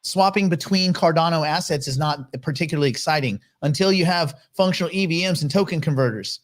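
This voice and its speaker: A man's voice: a little high, a little fast. A man hosting a casual livestream, giving blunt, opinionated commentary and greeting viewers by name as they join. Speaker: livestream host reading chat.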